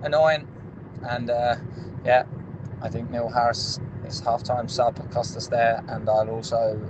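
A man's voice: mid-range voice, completely flat delivery, measured pace. A frustrated man rambling through a casual voicemail message. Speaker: caller leaving a voicemail. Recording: voicemail with loud background noise.

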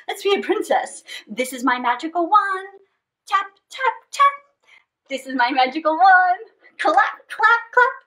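A woman's voice: very high-pitched, low-quality recording. A woman hosting a children's story time, playfully leading pretend games and telling a story in a sing-song way. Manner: playful, animated, leads children in pretend play. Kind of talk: live kids' story time reading.

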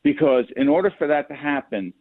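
A man appearing as a guest on a radio show, speaking earnestly and pressing his point in a measured way. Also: on the high side, expressive. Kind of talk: talk radio interview. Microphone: phone. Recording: tinny phone line, dry.

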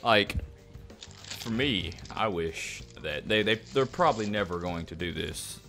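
A man's voice: lowish voice, lively intonation, a little slow, sharp tone, soft background music. A young man chatting casually on a gaming podcast, rambling with restarts and casual swearing. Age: young adult. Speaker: podcast co-host. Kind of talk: casual chat.

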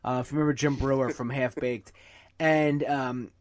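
A man's voice: mid-range voice, fairly even intonation, moderate pace, no room sound. A man hosting a podcast, chatting casually, stammering and laughing as he tells stories. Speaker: podcast host. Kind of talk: casual interview chat.

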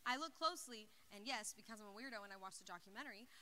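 A young woman giving a youth service message, telling a story in an excited, chatty way with lots of "like" into a handheld mic. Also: mid-range voice, rapid-fire. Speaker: youth speaker.

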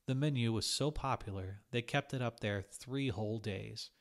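A man reading a literary short story aloud in a calm, measured way. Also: medium pitch. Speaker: reader.

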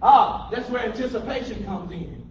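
High-voiced preacher guy, lively swoops, echoey church from far off. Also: normal speed, a little hiss or hum. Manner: animated, calls out questions for the crowd to answer. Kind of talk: call-and-response sermon. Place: church hall with a congregation. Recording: echoey room from far off, dull lo-fi.

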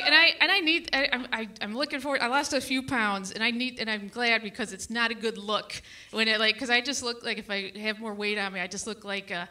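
A woman doing a stand-up set on a brewery stage, telling stories in a halting, stammering way. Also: fairly high pitch, pushed and bright. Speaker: stand-up comic. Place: brewery stage with live audience.

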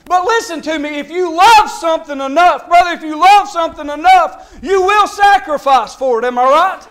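High-voiced impassioned male preacher. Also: normal speed, a bit bright. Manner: impassioned, pleading, calls on congregants by name. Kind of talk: Baptist sermon. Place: church sanctuary.

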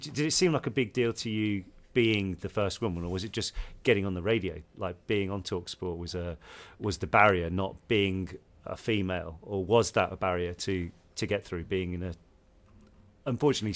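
An English man co-hosting a relaxed interview podcast, his voice sitting on the lower side. He rambles through anecdotes, restarting sentences and chuckling as he goes. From England. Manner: rambling, restarts sentences, laughs while telling stories. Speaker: podcast co-host. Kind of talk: casual interview chat.

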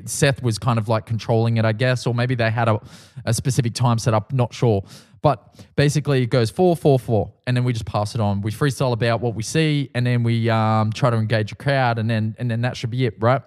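Profane, animated Australian man telling stories. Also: mid-range voice. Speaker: podcast host. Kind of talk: casual storytelling.

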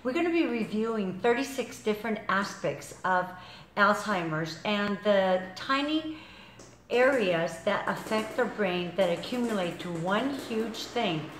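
A woman's voice: mid-range voice, expressive, measured pace, a bit bright, slight background noise. A woman fitness instructor demonstrating a workout, counting reps aloud while exercising and getting out of breath. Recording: echoey room, far from mic.

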